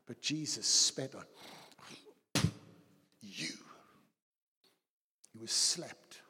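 A man preaching a sermon as pastor, dramatic, slowing for quotes and quickening in anecdotes. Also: mid-range voice, expressive, very noisy. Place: church hall. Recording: husky voice in a long-reverb church hall.

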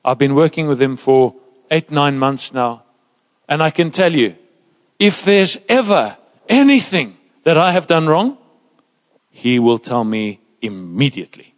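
A man preaching a sermon in a church, emphatic and lively, dropping into soft asides. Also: fairly high pitch, a little slow. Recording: reverberant church hall.

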